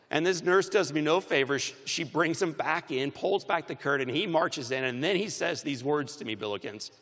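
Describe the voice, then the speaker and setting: A man giving a commencement speech, telling stories with animated shifts between loud and soft, recorded in a large arena. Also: on the high side, normal speed, hardly any pauses, big-room sound. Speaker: commencement speaker. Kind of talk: motivational speech.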